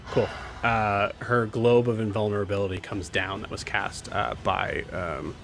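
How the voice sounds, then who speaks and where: A man narrating as game master, casual and halting with lots of fillers. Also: lowish voice, fairly even intonation, vocal fry, a bit bright, faint music behind. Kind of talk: running a tabletop game.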